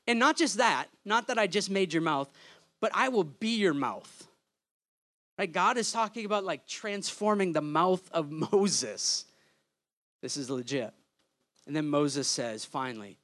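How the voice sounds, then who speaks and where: Guy with a high voice preaching, chatty and jokey, keeps asking right?. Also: lively intonation, moderate pace, a bit bright. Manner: conversational and humorous, often asking "right?". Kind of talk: sermon.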